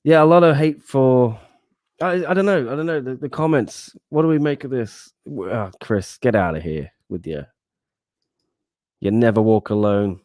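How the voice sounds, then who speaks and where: Man, podcast host, casual chat, relaxed, self-deprecating, medium pitch, dry mic. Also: normal speed, no echo. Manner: relaxed, self-deprecating, reads out viewer comments.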